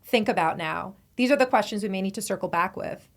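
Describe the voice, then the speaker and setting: Woman podcast host; enthusiastic, teasing, mid-pitched everyday voice, studio. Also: quick pace. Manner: enthusiastic, teasing, repeats phrases. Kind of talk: casual chat.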